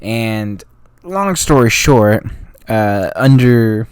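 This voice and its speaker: A man's voice: fairly low pitch, expressive, drawn-out words, a little mellow, clear, resonant tone, no echo, studio quality. A man casually explaining history as a channel host, in a slangy, rambling way with frequent self-corrections. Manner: slangy and offhand, drifting into street talk.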